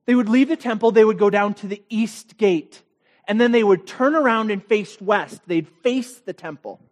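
A man preaching a sermon, telling the story dramatically with rhetorical questions and swings between loud bursts and quiet asides. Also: sits high, normal speed. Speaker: pastor.

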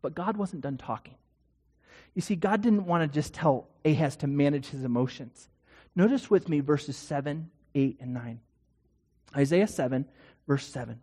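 Conversational preacher in a reverberant hall. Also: male voice, fairly high pitch, expressive, normal speed, dark tone, slightly rough. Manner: conversational, asks the congregation rhetorical questions. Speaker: pastor. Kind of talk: sermon.

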